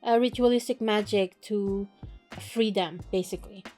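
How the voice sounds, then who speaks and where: A woman casually recapping a novel chapter by chapter, chatty and quick to laugh, with plenty of fillers. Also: mid-range voice, fairly even intonation, a little mellow, soft background music. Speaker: book recap creator.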